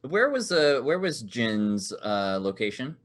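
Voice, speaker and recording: Man as game show host, upbeat, mid pitch, laughs a lot while explaining rules. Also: sing-song, slow, a crowd in the background. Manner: upbeat, laughing often, reading rules aloud. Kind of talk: hosting an online improv card game.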